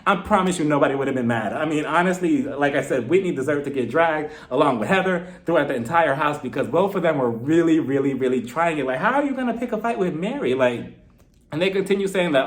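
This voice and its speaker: A man giving a blunt, animated recap and review of a reality TV episode, swearing freely. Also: a little high, fast. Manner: animated, blunt, swears freely, mimics the cast in put-on voices. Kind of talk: casual commentary.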